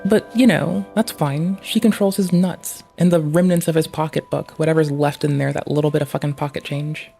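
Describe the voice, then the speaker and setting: A man's voice: a little high, steady tone, moderate pace, gravelly, hardly any pauses, warm tone, faint music behind. A man streaming live, reacting to a clip with profane, ranting commentary.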